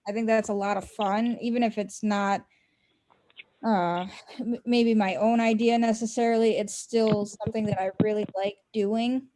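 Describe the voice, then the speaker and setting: A woman student answering questions on a video call, hesitant and full of ums and pauses. Her voice is warm and mellow. She sounds modest and unsure of herself. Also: mid-range voice, steady tone. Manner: hesitant, many ums, laughs softly. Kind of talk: casual video-call discussion.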